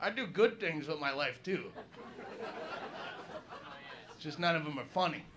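A man doing a stand-up routine, telling a profane, rambling story with sudden shouted outbursts. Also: fairly high pitch, expressive, measured pace, a crowd in the background. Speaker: stand-up comedian.

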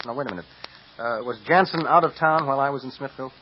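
An actor playing a sharp male lawyer who asks quick, probing questions in a 1950s radio drama. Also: medium pitch, a little hiss or hum, lightly acted. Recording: dull lo-fi old radio recording.

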